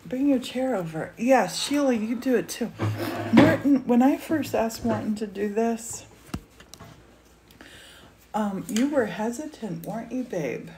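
A woman's voice: fairly high pitch, lively intonation, measured pace, noisy background. A woman gushing over a gift on a livestream, tearful and exclaiming often. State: teary. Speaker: host of a painting livestream. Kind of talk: emotional casual chat. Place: indoor studio.

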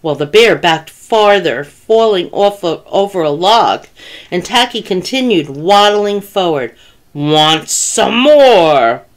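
A woman who works as a children's librarian, reading a picture book aloud with gentle, expressive storytelling. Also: mid-range voice, a little slow.

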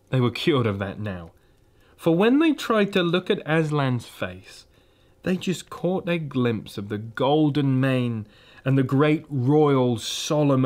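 A man reading a children's storybook aloud, in a gentle, steady and expressive way. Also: medium pitch. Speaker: reader.

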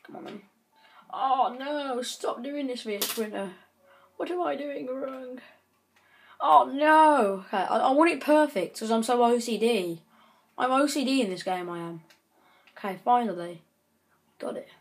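A woman's voice: a little high, unhurried. A woman giving chatty gameplay commentary, breaking into frequent frustrated outbursts. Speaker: gaming channel host.

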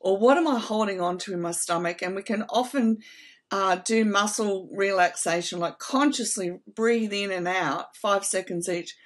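A middle-aged woman speaks to her viewers in a sincere, heartfelt way, her voice sitting at an ordinary pitch. She talks casually and keeps pausing to check in with the listener. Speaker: host. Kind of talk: casual advice talk to viewers.

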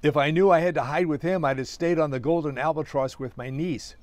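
A man's voice: on the high side, fairly quick, darkish tone, no room sound, natural voice. A man reading aloud, voicing a sarcastic woman archaeologist with dry wisecracking retorts. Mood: indignant.

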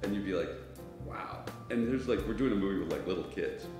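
An actor recalling a film shoot in an interview, amused and lively. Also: male voice, sits low, fairly quick. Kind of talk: anecdotal interview. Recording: very echoey room with music.

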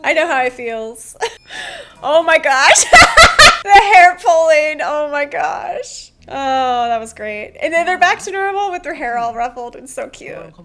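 A woman hosting a drama reaction video, excitable and emotional, laughing and gasping often. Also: high-pitched, measured pace, a little hiss or hum. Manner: emotional, near tears. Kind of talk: casual drama reaction commentary.

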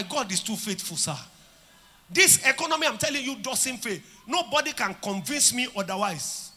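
A man with a Nigerian accent preaching a sermon at a church conference, declaring and shouting, then dropping to quieter talk. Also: very high voice, expressive, normal speed, slightly rough, in a large hall. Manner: declaring and shouting, swinging between loud and soft. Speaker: pastor.

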